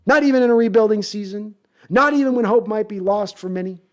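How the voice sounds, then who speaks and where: A man's voice: sits high, quick pace. A man hosting a sports podcast, delivering a rousing, preacher-like monologue to the fans. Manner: rousing, preacher-like pep talk.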